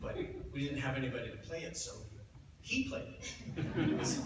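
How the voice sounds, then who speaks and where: A man, an actor guest, telling lively anecdotes on a convention panel and laughing at his own stories. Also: medium pitch, a little fast. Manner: animated, laughing, self-amused. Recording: echoey hall, mic from far off, noisy.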